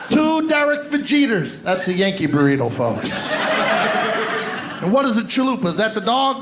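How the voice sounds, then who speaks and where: A high-pitched man delivers a stand-up set and ribs the crowd in quick, punchy bursts. His voice rings through a roomy club, with crowd noise and laughter clearly audible behind him. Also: big pitch swings. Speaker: stand-up comedian. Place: comedy club stage. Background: audience laughter.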